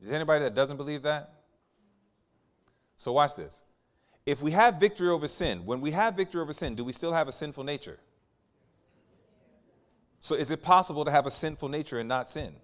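Lively preacher man in full flow. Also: a little high, normal speed, pauses often. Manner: questions the congregation and waits for replies; swings between quiet asides and loud emphatic climaxes. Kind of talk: sermon.

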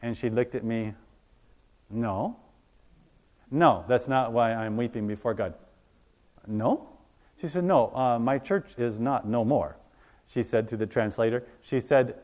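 A male preacher in mid-sermon, spinning a story and voicing each person in it. He gets loud and emphatic, then drops to a hushed, earnest tone. His pitch sits in the middle range for a man. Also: measured pace, long pauses. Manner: animated storyteller, acts out dialogue, swings from loud to hushed.

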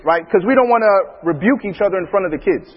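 A man with a high, husky voice tells family stories in a church talk, animating the lines as he goes. The sound is dull, and a long echo hangs behind it as though it were recorded in a hall. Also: quick pace. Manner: animated storyteller who acts out his family's lines and laughs often. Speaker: father speaking alongside his wife. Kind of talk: church talk on parenting with anecdotes.

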